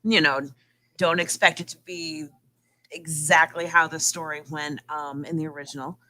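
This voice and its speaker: A woman's voice: low voice, little pitch movement, moderate pace, sharp tone, no echo. A woman co-hosting a casual gaming podcast, chatty and giggly as she rambles about her week. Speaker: podcast co-host.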